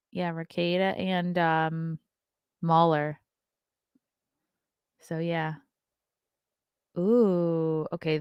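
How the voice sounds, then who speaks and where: A woman hosts a casual live stream, blunt and freely profane as she talks through the chat. Her voice sits low and comes across smooth and clear. The close mic gives a dry, roomless sound. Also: dry recording. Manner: blunt, profane, chatty, laughs often. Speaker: podcast host reading live chat.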